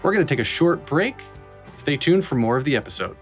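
A man's voice: a little high, very animated, a little fast, soft background music. A man hosting a podcast, asking questions casually and reading an ad with playful asides. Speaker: podcast host. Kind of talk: casual interview and host-read ad.

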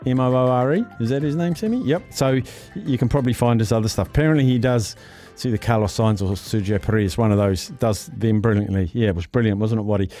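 Laid-back radio host. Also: male voice, mid-range voice, fast, hardly any pauses, mellow, faint music behind. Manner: chatty, loose, reads out listener texts. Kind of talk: casual radio talk.

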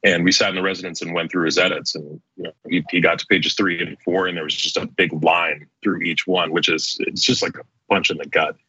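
A man, a former speechwriter, telling stories as an interview guest with fast, animated delivery and frequent restarts. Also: sits low, husky, no echo, dull audio.

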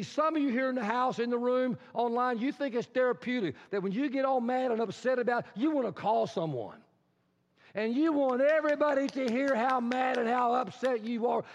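A man with a notably high voice preaches a sermon, spinning the story out with animated asides and rhetorical questions. A long echo carries his words across the church sanctuary, and the recording sounds dull and lo-fi. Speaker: pastor. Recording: reverberant hall, dull lo-fi sound.

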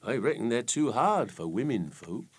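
Storybook fool, young and simple, weepy and pleading, pitched well up, read by a male narrator. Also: very animated, normal speed, husky. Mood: eager. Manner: sobbing, pleading, rustic dialect speech. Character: grieving simple-minded young man, weepy, bewildered.

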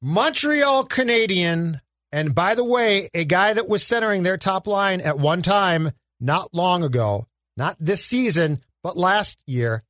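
A man's voice: high voice, expressive, measured pace, a bit bright, no echo. A man co-hosting a casual sports podcast, laying out a trade and quizzing his partner with playful teasing. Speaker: podcast co-host.

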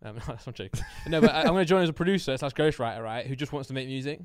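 A man co-hosting a podcast, chatting casually and joking with quick laughs. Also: medium pitch, lively intonation, smooth, dry recording, clean studio sound. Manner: fast, jokey, laughs often. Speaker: podcast co-host. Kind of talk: casual chat.

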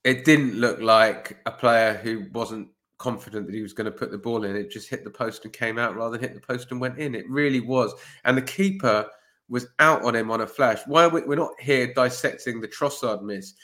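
A man, a football podcast pundit talking in calm, reassuring casual chat, with casual swearing. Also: medium pitch, moderate pace.

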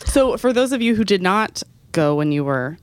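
A woman co-hosting a casual podcast chat, talkative and quick to laugh. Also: mid-range voice, animated, clear, resonant tone, dry recording. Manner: chatty, laughs often. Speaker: podcast co-host.

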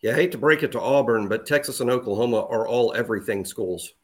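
A man's voice: mid-range voice, fast talker. A man co-hosting a sports podcast, talking in an opinionated, emphatic way and repeating his points for emphasis. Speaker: podcast co-host. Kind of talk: casual sports podcast chat.

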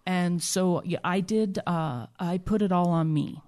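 A woman guest recounting a personal story in a halting way, with many restarts and fillers. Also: fairly low pitch, a little mellow. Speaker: interview guest.

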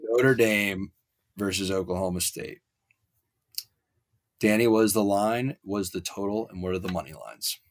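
Animated ranting man talking college football. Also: on the low side. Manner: animated, hyperbolic, rapid rants. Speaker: sports podcast co-host. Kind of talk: casual sports betting chat.

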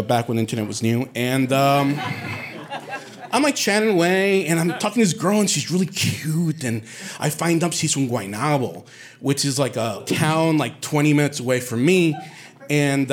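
A man from Puerto Rico telling a personal story on stage, animated and quoting others in lively bursts. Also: a little high, moderate pace. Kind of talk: live storytelling.

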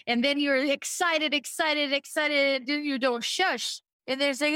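A woman podcast host chatting casually, sharing anecdotes with quick asides. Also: high voice, a bit bright, no echo, clean studio sound. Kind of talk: casual interview chat.

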